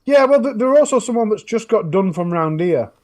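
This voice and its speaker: A northern English man talks in a loose, casual podcast chat. His voice sits a bit high for a man. He tells long stories with frequent false starts and restarts. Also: animated, fairly quick, darkish tone. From northern England. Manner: rambling storytelling with frequent restarts. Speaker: true crime YouTuber, podcast regular.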